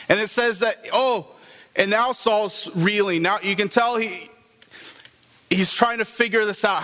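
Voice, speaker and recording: A male pastor preaching a sermon, telling the story with lively, acted-out dialogue. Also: high voice, unhurried, big-room sound.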